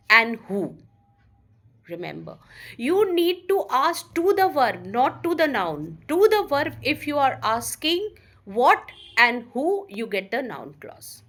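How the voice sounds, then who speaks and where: A woman teaching an English grammar lesson with a fairly high-pitched voice. She reads each example sentence slowly and with stress, then explains it with some fillers and restarts. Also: a bit bright. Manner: slow, emphatic reading of example sentences, with fillers.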